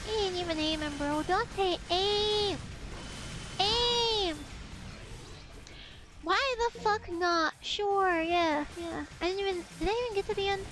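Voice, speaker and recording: Very high-pitched young woman streamer. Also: normal speed, hardly any pauses, noisy background. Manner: playful, swearing, teasing banter with chat. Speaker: game streamer. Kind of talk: casual live gameplay stream chat.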